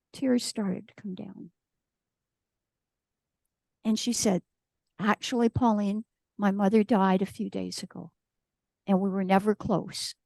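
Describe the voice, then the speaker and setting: A guest speaker at a church service, this woman delivers a conversational sermon full of stories, acting out the voices of the people she quotes. Her mid-range voice is gravelly and dark in tone, and the recording has no room sound.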